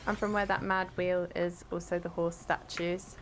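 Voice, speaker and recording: A woman's voice: fairly low pitch, little pitch movement, moderate pace, slight background noise. A woman live-streaming a game, chatting casually with her viewers and exclaiming at the action. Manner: chatty, reads chat aloud, exclaims at the game. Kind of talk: casual live-stream chat while gaming.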